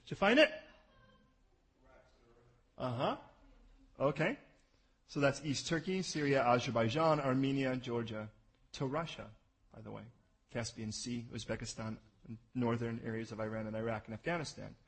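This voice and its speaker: A man preaching a sermon, animated and jokey, swinging from loud bursts to low asides. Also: normal speed, pauses often, husky, low-quality recording. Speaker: pastor.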